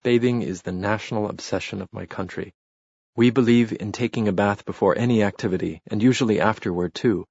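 A man playing a measured English gentleman. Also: fairly low pitch, creaky, slightly rough, no room sound, muffled recording. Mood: wry. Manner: careful, measured, explanatory.

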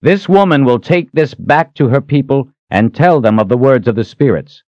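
Man as a fierce young hero, forceful and threatening; lively delivery, dry, dull audio. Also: medium pitch, normal speed, no echo, voice pushed up, close to an everyday voice. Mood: commanding. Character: defiant young male hero with magic, fierce and commanding.

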